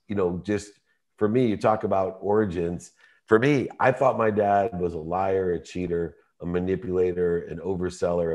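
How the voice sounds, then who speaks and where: Man, 50s, guest storyteller; low-pitched, emotional and animated. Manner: emotional, animated storytelling with laughs and vivid quotes. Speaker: podcast guest. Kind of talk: personal storytelling in conversation.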